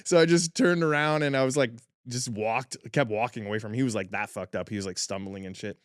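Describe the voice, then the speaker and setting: A man's voice: mid-range voice, fast, clear, resonant tone, no echo, studio quality. A man, a tattoo artist, telling a wild story in casual chat, swearing freely and full of fillers. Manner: animated, profane, lots of fillers.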